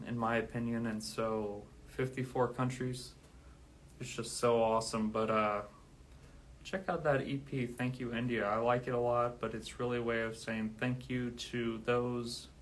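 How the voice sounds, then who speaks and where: Man, livestreaming musician, monotone delivery, a bit winded, faint hiss behind. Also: mid-range voice. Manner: steady counting, then grateful rambling. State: out of breath. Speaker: drummer streaming live. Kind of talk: casual livestream talk.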